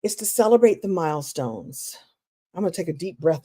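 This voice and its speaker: Mellow-voiced animated woman motivational host. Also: fairly low pitch, fairly quick. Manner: animated, playful, breaks into exclamations and acted quotes; conversational, with restarts and laughs. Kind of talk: live-streamed motivational talk.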